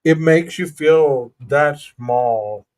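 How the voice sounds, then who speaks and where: A man with a slightly high, darkish voice speaks very slowly while hosting a casual livestream chat as a podcast host. He comes across as earnest and reflective, repeatedly saying "bro" and "you know."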